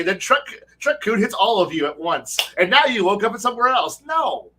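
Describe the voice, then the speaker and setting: Recording a podcast with other dungeon masters, a man speaks in a high, expressive voice that is bright and forceful. At a normal pace with hardly any pauses, he chats casually in a rambling, profane way marked by many restarts.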